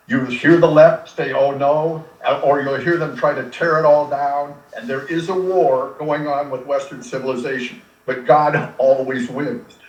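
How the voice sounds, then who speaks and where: An older man who is a radio personality, telling stories in an animated, emotional, earnest way during an interview. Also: mid-range voice. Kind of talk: conversational interview, storytelling. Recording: echoey room, distant from mic.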